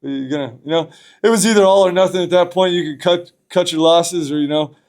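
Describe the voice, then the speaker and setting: A man's voice: high-pitched, quick pace, darkish tone. A man, a podcast guest, telling a story from his past in a loose, profane, casual way.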